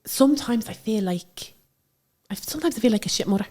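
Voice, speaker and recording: A woman in her thirties with an Irish accent, telling stories about her daughter in a chatty, animated way. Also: on the high side, a little fast. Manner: chatty, animated storytelling with frequent fillers. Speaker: interview guest, mother. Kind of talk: casual conversational interview.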